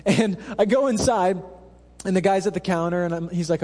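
Man, pastor, high voice, casual humorous sermon, long hall reverb. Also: normal speed, a little mellow. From Alaska. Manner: conversational, humorous preaching with asides to the congregation. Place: church hall.

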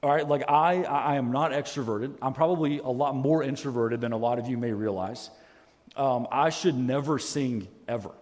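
With a darkish tone, a mid-range voice and a moderate pace, a man preaches in a church sanctuary that sounds like a large hall. He uses a headset mic, and his sermon is earnest and self-deprecating, with many restarted sentences.

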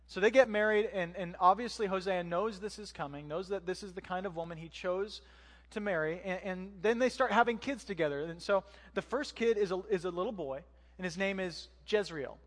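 A man's voice: sits high, fairly quick, long reverb tail. A man giving a conversational sermon as pastor, using joking asides and rhetorical questions.

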